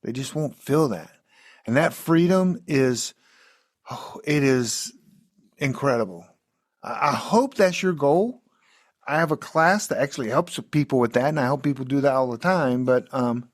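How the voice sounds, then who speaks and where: A man's voice: fairly high pitch, no echo, clean studio sound. A man hosting a podcast, talking casually and folksily, rambling with many fillers and restarts. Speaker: podcast host.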